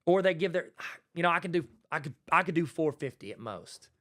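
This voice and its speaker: Folksy man, slightly high voice. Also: expressive, fairly quick, sharp tone. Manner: folksy, conversational, acts out dialogue. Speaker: podcast host and educator. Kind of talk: casual solo podcast talk.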